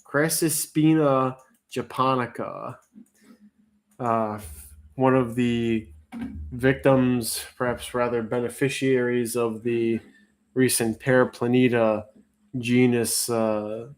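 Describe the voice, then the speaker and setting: A man's voice: medium pitch, fairly even intonation, slow. Chatty man hosting a live bug auction. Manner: rambling, chatty storytelling with many fillers; reads out chat messages and calls bids. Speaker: livestream auction host. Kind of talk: casual livestream chat and auctioneering.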